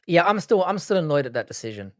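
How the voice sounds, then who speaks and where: A man's voice: fairly high pitch, a bit bright, no echo, studio quality. Man bantering on a live stream. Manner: swearing, bantering, rambling with restarts. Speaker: livestream host. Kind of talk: casual live-stream chat, reacting to comments.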